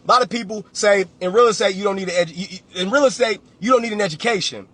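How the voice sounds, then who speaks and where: A man's voice: high-pitched, quick pace, fairly bright tone. A man, a real estate coach giving a blunt, preachy motivational talk on a livestream and repeating phrases for emphasis.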